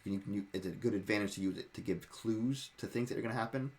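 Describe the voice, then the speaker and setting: A man's voice: lowish voice, fast talker, darkish tone. A man in casual talk sharing advice as a dungeon master, rambling and often repeating and restarting his words.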